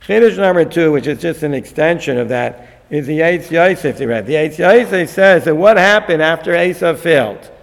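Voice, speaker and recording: Man teaching Torah, high voice, gravelly, animated. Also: moderate pace. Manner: animated, acts out the figures in the story. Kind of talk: lecture on a Torah text. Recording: long hall reverb.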